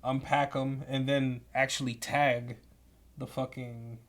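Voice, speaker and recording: A young man telling profane, animated work stories as a podcast co-host. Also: medium pitch, slow pace. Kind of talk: casual storytelling.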